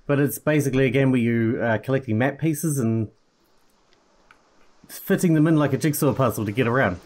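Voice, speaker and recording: A man's voice: mid-range voice, darkish tone. A man hosting a game demo playthrough, chatting casually and thinking aloud as he plays. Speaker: gaming channel host. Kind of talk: let's play commentary.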